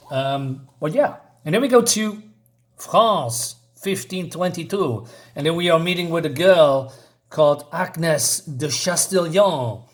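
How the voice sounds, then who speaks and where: A man reviewing a comic book in a casual, hesitant way, reading panels aloud with frequent asides. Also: fairly high pitch.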